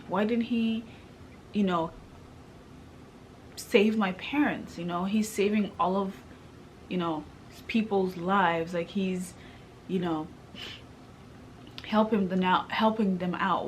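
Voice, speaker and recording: A woman's voice: fairly low pitch, a little hiss or hum. A young woman from Kenya talking through her struggles with faith in a personal vlog, emotional and questioning, with many fillers. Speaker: vlogger.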